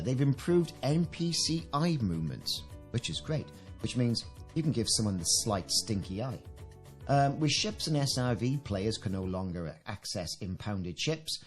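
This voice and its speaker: A British man giving casual commentary on a game update, reading out patch notes and adding chatty, enthusiastic asides. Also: on the low side. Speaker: gaming video creator.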